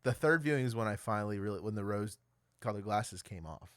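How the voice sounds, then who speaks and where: Young man, lively pitch swings, teasing, podcast co-host, laughs a lot. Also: brisk. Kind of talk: casual chat.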